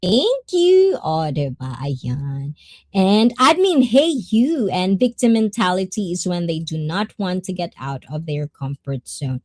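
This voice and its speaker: Slow, mellow woman streamer. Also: lowish voice, very animated, dry recording. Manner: chatty, greets chat viewers, mixes in Tagalog words. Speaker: livestream host. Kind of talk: casual livestream talk to chat.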